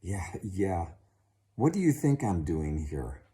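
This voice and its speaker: A man voicing a gruff, complaining hunchback in a told story. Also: deep voice, sing-song, slow, dark tone, full character voice. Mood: fed up. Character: grumpy hunchback man, fed up and loud.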